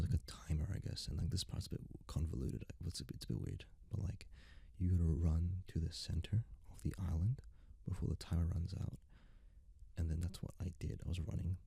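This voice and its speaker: A young man rambling in a soft-spoken ASMR style, close to the mic, filling his talk with "like". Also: low voice, creaky, breathy edge, no room sound. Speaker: ASMR creator.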